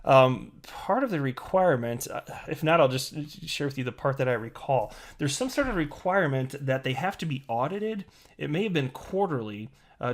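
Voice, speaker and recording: Man, crypto vlog host, reads a legal document, sarcastic asides, incredulous, chuckling, restarts, medium pitch. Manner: chuckles often while talking. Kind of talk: reading aloud and commenting on a legal document.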